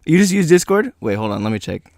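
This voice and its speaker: A man's voice: on the high side, very animated, quick pace, a little mellow. A young man co-hosting a comedy podcast, rambling through improvised banter and laughing often. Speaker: podcast co-host.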